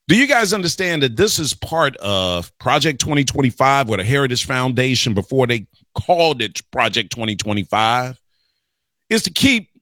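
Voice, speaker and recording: A man hosting a talk radio show, rambling through an animated political monologue and calling listeners y'all and guys. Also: mid-range voice, no echo. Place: radio studio.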